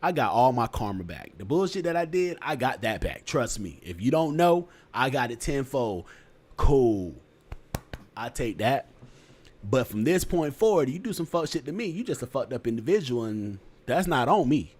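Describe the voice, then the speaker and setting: A man hosting a casual podcast, his pitch sitting in an ordinary middle range. He talks bluntly and swears freely, lecturing about relationships in a preachy but conversational way. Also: sing-song, moderate pace, a little mellow. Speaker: podcast host.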